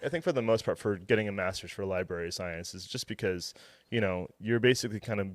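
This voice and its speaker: A man with a very low, deep voice recorded dry and close, with no room sound. He tells long, loose stories as a podcast guest, full of fillers, and acts out what people said. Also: fast, few pauses, no room sound. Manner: rambling, filler-heavy, acts out quoted dialogue. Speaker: restaurant beverage director, podcast guest. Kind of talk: casual storytelling interview.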